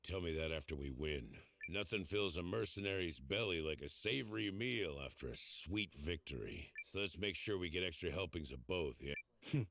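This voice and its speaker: Deep, teasing mercenary. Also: male voice, lively intonation, normal speed, vocal fry, noisy background. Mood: friendly. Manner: easygoing, teasing banter. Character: gruff, friendly male mercenary. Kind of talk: game voice acting.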